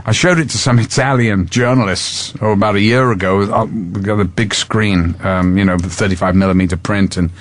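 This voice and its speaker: A man's voice: on the low side, steady tone, moderate pace, few pauses, no echo. Older man telling stories, chatty and amused. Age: 60s. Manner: chatty, amused, slips into character voices. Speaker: guest actor. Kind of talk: casual interview storytelling.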